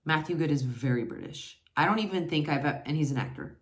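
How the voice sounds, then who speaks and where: Low-voiced chatty woman reviewing books. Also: expressive, a little fast. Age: 40s. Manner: chatty, rambling, lots of fillers and self-corrections. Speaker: book reviewer. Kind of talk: casual book review chat. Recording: echoey room.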